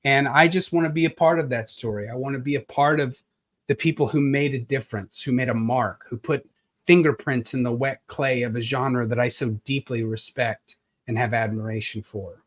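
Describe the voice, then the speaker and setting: A man speaks with an earnest, reflective warmth, pausing and searching for words. His voice sits at a middle pitch. It is heard over a video call. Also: fairly even intonation. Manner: earnest and reflective, with pauses and fillers. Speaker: author. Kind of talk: heartfelt speech at a live launch event.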